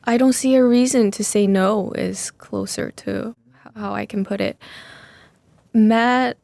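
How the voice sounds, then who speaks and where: A young woman speaking as an interview guest, soft-spoken and halting, searching for her words. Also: mid-range voice, steady tone, vocal fry, dry recording. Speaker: musician guest. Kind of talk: casual interview chat.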